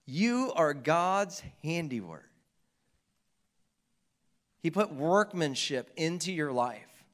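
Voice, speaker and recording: Pastor, male, higher-pitched, relaxed conversational sermon with jokes to the room. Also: slow pace. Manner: conversational preaching with asides and jokes to the congregation. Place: church.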